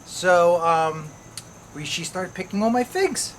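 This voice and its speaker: Guy in his 30s chatting in his backyard, kinda high voice, crickets buzzing faintly behind. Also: unhurried, a little hiss or hum. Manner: chatty, animated retelling with quoted voices. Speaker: fig-growing channel host. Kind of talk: casual storytelling vlog. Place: outdoors in a backyard garden.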